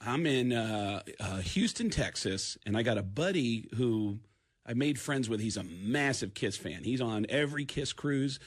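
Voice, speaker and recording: A man, a stand-up comedian, telling an animated story as a radio guest and acting out the people in it. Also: medium pitch, a little slow, slightly rough. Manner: lively, acts out voices in his anecdotes.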